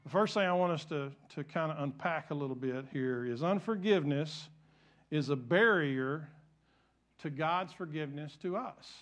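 A middle-aged pastor with a notably high voice delivers a sermon in church. He tells a folksy, rambling story, restarting his sentences and talking straight to the congregation. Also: normal speed, fairly bright tone.

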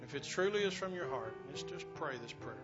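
A man preaching a sermon as pastor, telling a story earnestly, swelling loud and dropping quiet. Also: on the high side, expressive, brisk, music in the background. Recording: dull lo-fi recording.

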